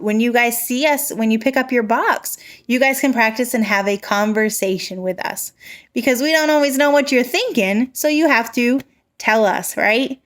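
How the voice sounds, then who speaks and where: A woman giving a slow, clear, encouraging lesson to young children, full of simple examples. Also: high-pitched, a bit bright. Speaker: teacher.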